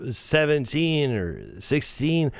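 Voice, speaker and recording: A man putting on a halting, stumbling impression of a tipsy older politician. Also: fairly high pitch, wildly swooping pitch, creaky, no room sound, clean studio sound, full character voice. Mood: slurring.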